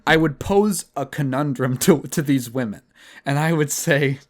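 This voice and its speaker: A man's voice: a little high, unhurried. A young man hosting a podcast, telling a rambling, profane, self-mocking story in casual chat. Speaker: podcast host.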